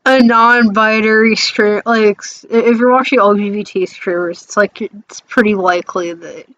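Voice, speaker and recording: A woman's voice: medium pitch, fairly even intonation, normal speed, fairly bright tone, highs cut off. A woman streamer chatting casually about a game, hesitant and full of fillers, often giggling.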